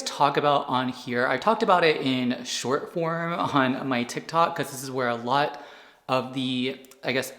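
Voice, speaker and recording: Male vlogger, average pitch, loose rambling delivery, roomy echoey sound. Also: a bit bright. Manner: rambling, restarts with many fillers. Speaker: anti-aging content creator. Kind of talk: unedited sit-down vlog.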